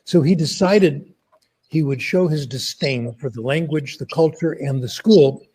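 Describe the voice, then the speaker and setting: An older man explaining an academic idea through relaxed, conversational anecdotes. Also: on the high side, measured pace, breathy edge. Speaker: guest speaker.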